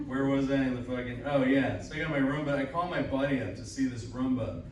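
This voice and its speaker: In a lo-fi recording from the upstairs room of a cider house, a young male comedian does a crude, self-deprecating stand-up set, rambling in a mid-range voice a little fast. His voice sounds distant in the very echoey space, over faint room noise.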